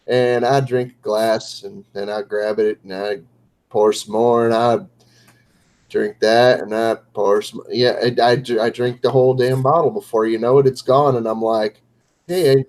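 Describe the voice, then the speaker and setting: A man's voice: medium pitch, a little mellow, low-quality recording. A man chatting casually on a late-night livestream, rambling and poking fun at himself with lots of fillers. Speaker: co-host of a livestream.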